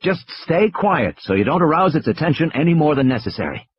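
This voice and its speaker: A man voicing a calm adult man who gives firm, steady instructions over a radio, in an audiobook reading. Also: a little high, a little fast, slightly rough, no echo, dull audio, pitched above the performer's own voice.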